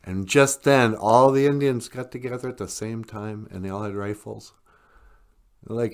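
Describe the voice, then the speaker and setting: A man's voice: fairly low pitch, unhurried, clear, resonant tone. A man hosting a podcast, casually retelling a story in a rambling, chuckling way. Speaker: podcast host.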